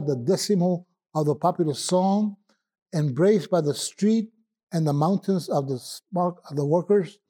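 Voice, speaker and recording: Man, poet, relaxed conversation and poetry reading, measured delivery, somewhat high voice. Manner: reminiscing with hesitant fillers, then a measured, deliberate reading. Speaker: guest poet.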